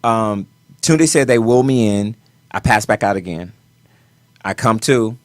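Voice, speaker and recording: A man, a choreographer as a talk show guest, tells a personal story in an animated way, his voice swinging between quiet and loud. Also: on the low side, measured pace, dry recording, studio quality.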